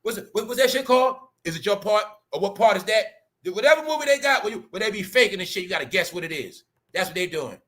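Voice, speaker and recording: A man hosting his own commentary channel, ranting in a loud, mocking, repetitive way with slang. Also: sits high, very animated, quick pace, slight background noise.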